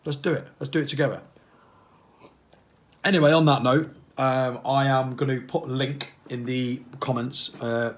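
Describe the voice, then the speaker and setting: Male fitness coach, casual vlog chat, fired up and waffly. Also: mid-range voice. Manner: passionate, rambling, fires off repeated questions. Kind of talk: casual motivational talk to camera.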